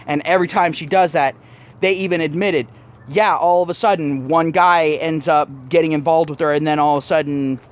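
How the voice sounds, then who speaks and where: A man's voice: fairly high pitch, a little hiss or hum. A man telling a story in a blunt, profane, mocking rant to his vlog audience. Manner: blunt, swears constantly, mocking retelling. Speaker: vlogger.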